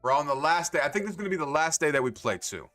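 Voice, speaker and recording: A man streams a game and talks to himself the whole time, swearing freely as he plays. His voice is bright and higher than most, and it swings up and down a lot. Soft music plays under his talk. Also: very animated, racing. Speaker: livestreamer. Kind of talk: casual gameplay commentary.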